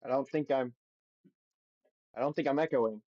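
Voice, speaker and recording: A man's voice: mid-range voice, normal speed, mellow, dry recording, muffled recording. A man hosting a podcast on his own, reading results aloud and then giving blunt, profane opinions in a casual recap. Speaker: podcast host.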